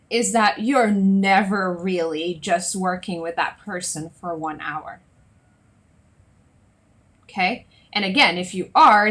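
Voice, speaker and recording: Chatty woman coach talking live. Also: medium pitch. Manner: chatty, often checks in with "right?" and "okay?"; lively, acts out little scenes in other voices. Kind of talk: solo Facebook Live talk to viewers.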